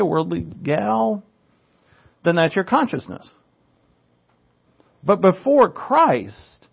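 With a high, slightly rough voice and vocal fry, a man preaches through scripture verse by verse, keeping it conversational with side comments, self-corrections, and rising stress on important words. The recording is dull and lo-fi.

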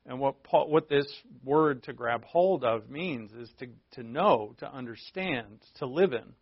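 A man's voice: medium pitch, a little slow, no echo. A man preaching a conversational sermon, explaining a Bible passage with frequent rhetorical asides. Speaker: pastor. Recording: dull lo-fi sound.

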